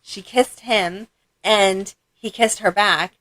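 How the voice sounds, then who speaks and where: A middle-aged woman co-hosting a fan podcast, recounting scenes in steady, matter-of-fact casual chat. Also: medium pitch, takes it slowly. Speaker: podcast co-host.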